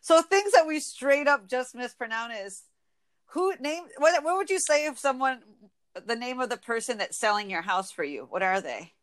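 A woman's voice: high voice, lively intonation, normal speed. Chatty laughing woman with a Michigan accent. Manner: playful, laughs often, acts out quoted phrases. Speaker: podcast host. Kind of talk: casual chat.

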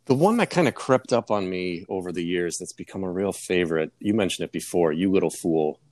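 Man, very low voice, casual podcast talk, measured, filler-heavy. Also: animated, a little mellow, no echo. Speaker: podcast co-host. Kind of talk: casual music discussion.

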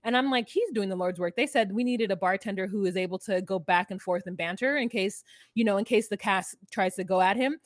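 A woman co-hosting a podcast, recapping a reality show in casual chat, sarcastic and quick, acting out quotes from the show. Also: mid-range voice, dry recording. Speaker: podcast co-host.

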